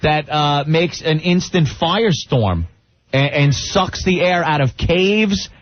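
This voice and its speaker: A man's voice: on the high side, takes it slowly, no echo, faint music behind. A man co-hosting a radio talk show, bantering with sarcastic glee. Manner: sarcastic, gleeful. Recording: dull lo-fi radio broadcast.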